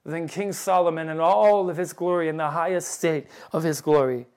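A man preaching a sermon, quoting old scripture wording and building to loud, emphatic appeals to his listeners. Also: on the high side, steady tone, normal speed, hardly any pauses, clean tone.

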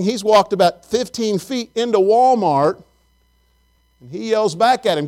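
A man's voice: high voice, normal speed, a little mellow. A middle-aged man, preaching a sermon in a folksy, chatty storytelling way and talking directly to his congregation. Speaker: pastor.

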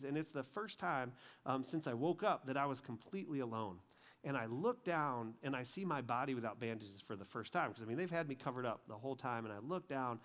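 Earnest man giving a sermon testimony, mid-pitched, emotional, halting. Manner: emotional, earnest storytelling with many fillers and restarts. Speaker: speaker sharing testimony.

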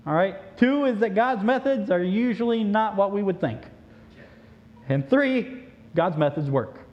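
A male preacher telling a story in a sermon, animated and joking, on a dull lo-fi recording. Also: sits high, measured pace.

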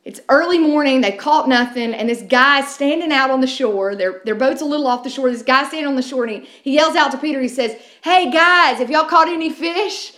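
A woman's voice: high-pitched, fairly quick, few pauses, a bit bright. A middle-aged woman pastor, preaching a sermon in a conversational storytelling way with frequent restarts. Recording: roomy echo.

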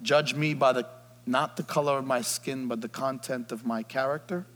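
A man preaching an Easter sermon as pastor, swinging from near whispers to loud shouts. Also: medium pitch, steady tone, normal speed. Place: church sanctuary. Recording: long hall reverb.

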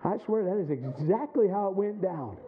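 A middle-aged man preaching a sermon, telling a story with acted-out voices and dropping low and quiet for his points. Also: animated, moderate pace, a crowd in the background. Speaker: pastor. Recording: tinny phone-like sound.

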